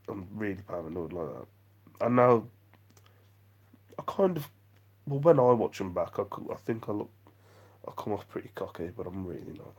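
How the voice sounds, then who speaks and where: A man's voice: lowish voice, animated, normal speed, long pauses, darkish tone, slightly rough. A man chatting on a live vlog stream, rambling and self-deprecating as he reads out viewer comments. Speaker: vlogger.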